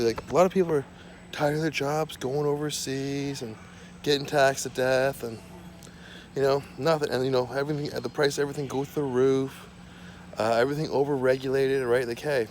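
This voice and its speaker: A man's voice: mid-range voice, slight background noise. A man rambling and ranting to his camera at home, profane and repetitive, drifting from topic to topic. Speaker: vlogger. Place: small home.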